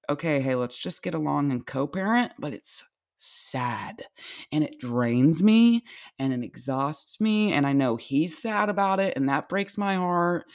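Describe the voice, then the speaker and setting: Tired young american woman rambling on her vlog, swears a lot, lowish voice. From United States. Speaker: vlogger. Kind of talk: candid confessional vlog.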